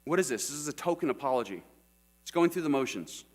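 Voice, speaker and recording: A middle-aged pastor with a fairly high voice preaches quickly, his intonation lively, frequently putting questions to the congregation. The sermon recording carries a mains hum.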